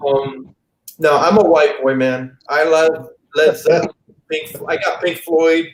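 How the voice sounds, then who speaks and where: A man's voice: a little high, steady tone, measured pace. A man from the Miami area, a comic YouTuber as guest, telling stories in a rambling way and often repeating words over a video call mic. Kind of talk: casual live-stream chat. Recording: roomy echo, faint hiss.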